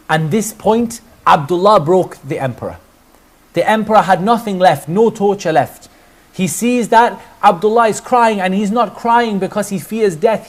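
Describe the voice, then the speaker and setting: A man preaching as he tells a religious story in earnest narration, with rhetorical questions to his listeners. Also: high voice. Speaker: Islamic preacher.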